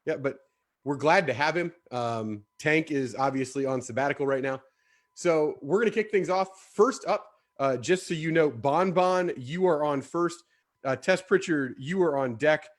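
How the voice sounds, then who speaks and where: A man hosting a live online show, upbeat and jokey, bantering quickly with his co-host. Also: on the high side.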